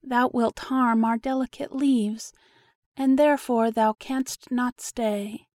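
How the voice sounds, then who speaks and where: A woman's voice: fairly high pitch, steady tone, takes it slowly, darkish tone, no room sound, clean studio sound. A woman voicing a proud, scornful little flower of blue-eyed grass in a storybook poem. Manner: haughty, dismissive.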